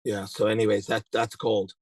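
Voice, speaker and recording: A man's voice: on the low side, level tone, moderate pace, no echo. A man chatting casually on a live show in an easygoing way, often hesitating and repeating himself. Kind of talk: casual chat.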